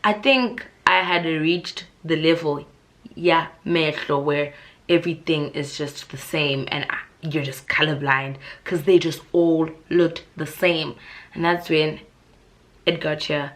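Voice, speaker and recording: This young YouTuber has a South African accent and talks slowly through an animated, dramatic storytime vlog in a casual tone. Her quoted characters come out shrill and high, and the suspense comes out in hushed whispers.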